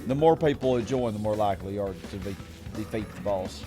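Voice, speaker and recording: Low-voiced man rambling on a stream. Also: animated, fairly quick, mellow, faint music behind. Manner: rambling, self-correcting, greets viewers by name. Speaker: streamer hosting a game session. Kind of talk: casual gaming stream chat.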